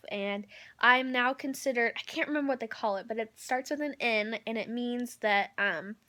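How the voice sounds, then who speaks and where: A woman's voice: fairly high pitch, normal speed, bright, forceful tone. A young woman giving a candid, rambling personal video update from a hospital room, with lots of ums and likes. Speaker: vlogger.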